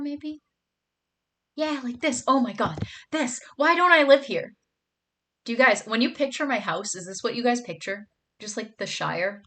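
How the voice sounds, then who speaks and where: A woman's voice: mid-range voice, a bit bright, a little hiss or hum. Bubbly young woman streamer chatting. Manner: bubbly, gushing, lots of "like" and "oh my god". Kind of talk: casual chat reading viewer comments.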